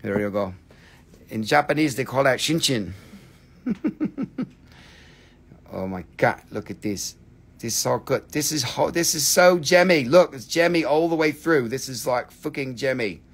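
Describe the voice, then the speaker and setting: A man hosting a live sales stream, excitable and theatrical, swearing freely as he gushes over the goods. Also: medium pitch, measured pace, long pauses, husky. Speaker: live-stream seller, host.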